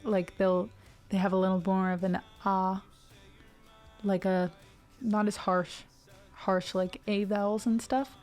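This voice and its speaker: A woman in her twenties from Ohio, USA, with a neutral General American accent, streams music and chats casually with her live audience. Her medium-pitched, darkish voice is flat and slow with long pauses, over soft background music. She rambles, drifting into tangents and using lots of fillers.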